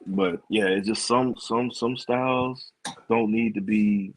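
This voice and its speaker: A man in a casual podcast chat, talking in a relaxed, rambling way. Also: on the low side, takes it slowly. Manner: relaxed, rambling, lots of fillers.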